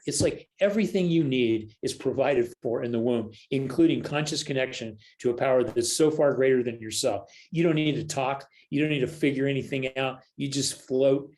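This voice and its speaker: Older man telling animated stories. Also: medium pitch, moderate pace, poor audio. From United States. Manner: animated storyteller who acts out quoted voices. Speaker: guest, counselor and church leader. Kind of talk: casual storytelling conversation.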